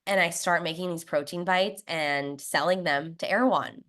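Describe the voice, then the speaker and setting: Her voice sits on the low side at a normal speed as this young adult snack brand founder recounts her story in an interview. Chatty and quick to laugh, she quotes others in animated asides.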